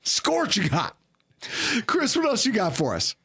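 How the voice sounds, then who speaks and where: A man's voice: high voice, wildly swooping pitch, unhurried, fairly bright tone, breathy edge. A man hosting a sports podcast in a studio, ranting sarcastically. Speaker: podcast host.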